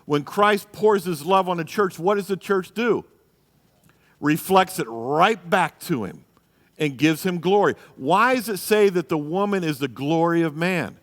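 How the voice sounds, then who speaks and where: A man's voice: high voice, expressive, unhurried. A man, a pastor teaching a marriage class in church, emphatic and full of rhetorical questions. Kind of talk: church lesson. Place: church hall. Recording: live church room with reverb.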